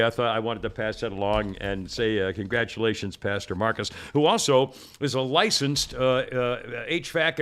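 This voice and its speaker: A man's voice: medium pitch, fairly bright tone, smooth. A middle-aged man hosting a podcast, telling stories in a rambling, self-interrupting way and laughing often. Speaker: podcast host. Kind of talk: casual rambling chat.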